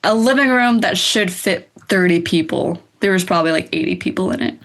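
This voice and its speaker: A young woman from the United States, a band's bassist, telling stories in a casual interview with many "like"s and laughs. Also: animated, a little fast, a bit bright. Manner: chatty, laughing storyteller with lots of "like". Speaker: band bassist, guest.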